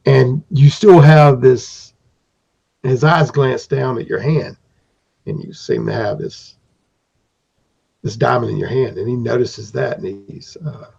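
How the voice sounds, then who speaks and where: Man, game master, rambling narration, gravelly, mellow, dull lo-fi recording. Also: mid-range voice, normal speed. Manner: rambling, descriptive, with fillers.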